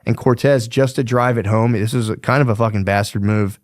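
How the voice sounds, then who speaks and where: Rambling through a history story with slang, profanity, and filler words, a young man hosts his podcast in a fairly quick, medium-pitched voice. His intonation is fairly even, and the studio-quality recording has no echo.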